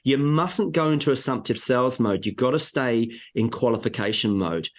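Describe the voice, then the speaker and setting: Speaking at normal speed in a mid-range voice, this man is a sales trainer being interviewed on a podcast. His coaching is emphatic and animated, and he acts out quotes from buyers.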